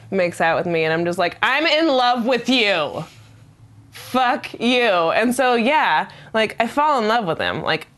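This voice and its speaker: A woman's voice: fairly low pitch, a bit bright. A young adult woman telling a personal story in a candid, rambling way, with frequent laughs, swearing and lots of filler words.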